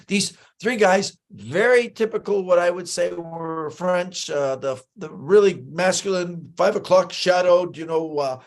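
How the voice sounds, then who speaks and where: Male guest-host, high voice, lively anecdotal storyteller who acts out dialogue. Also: gravelly. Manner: animated storyteller, acts out quoted lines, many fillers and restarts. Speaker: magician telling stories on a talk show. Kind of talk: casual anecdotal chat.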